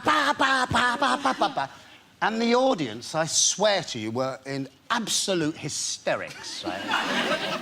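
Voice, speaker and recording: Animated man telling a wild story. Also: a little high, noisy background. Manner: animated, laughing through his story, acting it out. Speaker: guest. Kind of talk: anecdotal storytelling on a chat show. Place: television studio.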